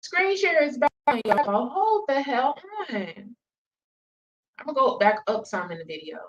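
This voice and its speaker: Animated woman host, distant dull mic. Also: high-pitched, unhurried. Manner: exclaiming, incredulous, addresses viewers as y'all. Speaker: reaction channel host. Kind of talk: casual commentary.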